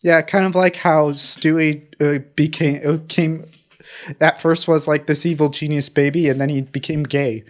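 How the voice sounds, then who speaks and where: A man's voice: on the high side, fairly even intonation, moderate pace. Rambling man co-hosting a podcast. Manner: rambling, searching for words. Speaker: podcast co-host. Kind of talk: casual chat.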